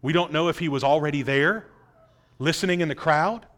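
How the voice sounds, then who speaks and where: High-voiced man preaching emphatically. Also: brisk, fairly bright tone. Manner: emphatic, asks rhetorical questions, acts out quotes. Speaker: pastor. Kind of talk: expository sermon.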